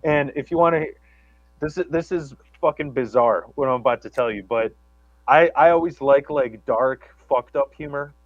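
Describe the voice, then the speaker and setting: A man talking in casual chat, halting and profane, self-deprecating about his comedy. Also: medium pitch, no echo, muffled recording. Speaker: guest, comedian.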